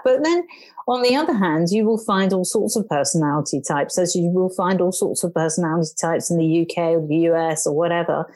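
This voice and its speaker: A woman guest telling lively stories in casual conversation, acting out the people she quotes. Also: lowish voice, a little fast. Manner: lively storyteller, acts out voices in quotes.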